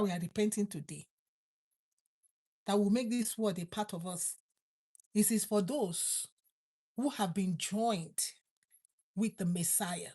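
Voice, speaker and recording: A woman preaching and praying, repeating her thanks to God and slowing down on key words. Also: on the high side. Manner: fervent, repetitive prayer phrases, slows for emphasis. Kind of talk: prayer and sermon.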